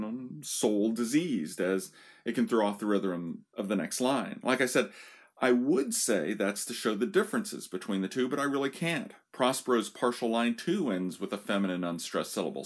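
A man giving a casual analytical talk on poetic meter, informal with little asides. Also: fairly low pitch. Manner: informal, with asides like "you know" and "so yeah". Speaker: literature lecturer.

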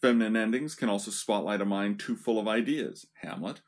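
A man's voice: on the low side, brisk. A man giving a casual analytical talk on poetic meter, informal with little asides. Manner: informal, with asides like "you know" and "so yeah". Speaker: literature lecturer.

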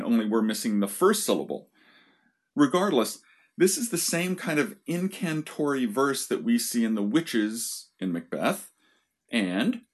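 A man giving a lecture on verse, talking to his listeners in a conversational way with wry asides. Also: medium pitch. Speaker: literature lecturer.

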